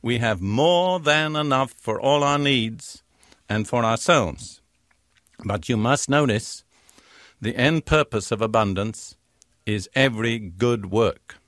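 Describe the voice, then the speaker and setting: An older man preaching a Bible teaching, his voice at a middle pitch. He reads scripture slowly and stresses each key word. The sound is dry and close, with no room echo. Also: fairly bright tone. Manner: measured, emphatic reading of scripture verses. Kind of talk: sermon.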